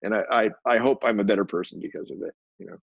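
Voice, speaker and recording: A man's voice: lowish voice, very fast, vocal fry, husky, no echo. An American man as an interview guest, rambling through candid stories and acting out what others said to him. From United States. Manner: rambling, acts out quoted dialogue. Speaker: guest photographer and publisher. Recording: dull lo-fi dry recording.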